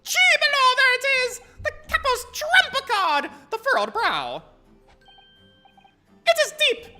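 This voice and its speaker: A man putting on a squeaky excitable Italian-accented young swindler, lively and bright. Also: takes it slowly, faint music behind, heavily acted. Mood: gleeful. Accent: put-on Italian. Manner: shrill, exuberant, theatrical.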